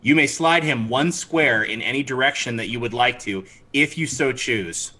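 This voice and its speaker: A man's voice: medium pitch, moderate pace, pushed and bright, slight background noise, low-quality recording. A man narrating a tabletop game as game master, chatty, with frequent restarts. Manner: chatty, with many restarts and fillers.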